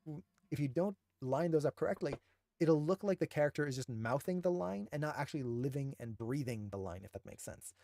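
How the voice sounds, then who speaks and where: A man's voice: a little high, animated, brisk, creaky, mellow. A man who teaches animation, enthusiastically breaking down shots with emphatic, admiring commentary.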